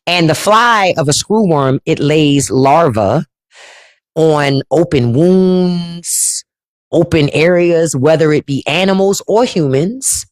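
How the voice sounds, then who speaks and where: Blunt, lively livestream host. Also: female voice, sits low, slow pace, no echo, clean studio sound. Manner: blunt, profane storyteller. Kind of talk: casual livestream talk.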